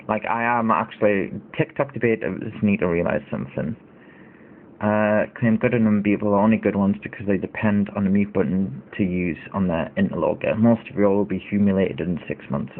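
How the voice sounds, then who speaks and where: A man in his thirties hosting a casual livestream, rambling and indignant, with lots of fillers. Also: lowish voice. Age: 30s. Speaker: livestream host. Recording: tinny phone-like audio.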